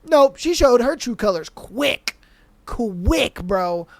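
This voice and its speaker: A podcast host recapping reality TV in a casual, profane, animated rant full of slang. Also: medium pitch, takes it slowly, creaky, no room sound.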